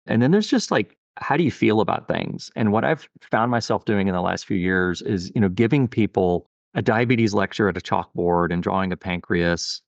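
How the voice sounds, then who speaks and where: Low gravelly man, earnest doctor. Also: expressive, moderate pace, hardly any pauses, no room sound, lo-fi sound. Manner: earnest, reflective, with many "you know" fillers. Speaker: pediatric endocrinologist. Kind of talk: podcast interview.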